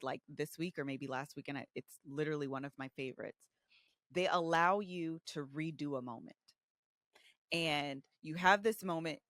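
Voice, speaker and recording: A woman in her thirties, co-hosting a podcast and telling candid stories about her own marriage, animated and casual, acting out the voices she quotes. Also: low voice, dry recording, studio quality. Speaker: podcast co-host. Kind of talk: candid conversational storytelling.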